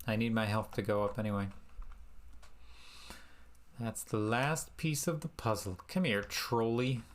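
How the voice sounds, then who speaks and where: A man streaming a retro game live, chatting in a rambling, sarcastic and self-mocking way, with sudden high exasperated outbursts. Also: a little slow. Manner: bursts into high exasperated exclamations.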